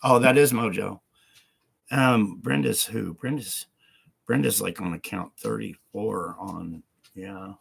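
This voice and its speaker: Gravelly-voiced man chatting on a livestream. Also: lowish voice, takes it slowly. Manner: rambling, repetitive, filler-heavy. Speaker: livestream host. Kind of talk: casual livestream chat.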